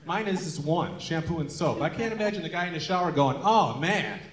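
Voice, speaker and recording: Stand-up comic, man with a high, lively voice, self-deprecating, in an echoey hall over a laughing crowd. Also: quick pace. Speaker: stand-up comedian. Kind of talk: stand-up comedy. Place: stage at a benefit show. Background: audience laughter.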